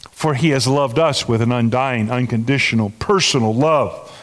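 An older male pastor preaching a conversational sermon, with frequent restarts and sudden rises and falls in pitch. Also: animated, moderate pace. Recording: long reverb of a large hall.

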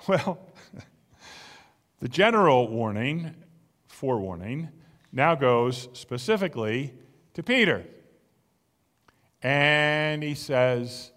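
A man's voice: medium pitch, expressive, slow, pauses often, fairly bright tone, big-room sound. A man preaching a sermon in an emphatic, conversational way, asking his listeners rhetorical questions. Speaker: pastor.

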